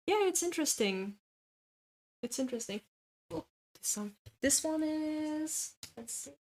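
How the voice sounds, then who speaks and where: A woman with a French accent streams while drawing, casually reading and answering viewer comments. Her high, animated voice is a little slow and mellow, hesitant and packed with filler sounds, and she laughs often over slight background noise.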